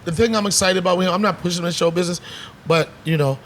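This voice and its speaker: Rapid-fire delivery in a high voice marks this middle-aged comedian guest, with slight noise in the background. At a bar set, he tells animated stories in casual conversation, putting on voices and swearing freely.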